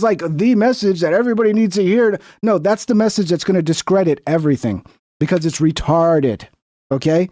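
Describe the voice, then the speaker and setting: High male voice, combative and mocking commentary, dry and close. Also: fairly quick, a little mellow, no echo. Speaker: commentary streamer. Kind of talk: reacting to clips, casual commentary.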